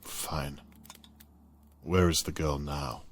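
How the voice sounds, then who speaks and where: A man's voice: very deep voice, fairly even intonation, drawn-out words, slight background noise, heavily acted. A man voicing a captive male detective in a video game, urgent and pleading. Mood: tense.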